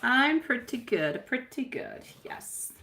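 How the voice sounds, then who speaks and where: A woman's voice: fairly high pitch, sing-song, slow, bright, forceful tone. A woman in her thirties giving a live-stream tarot reading, chatty and affectionate, calling viewers sweetie and my love.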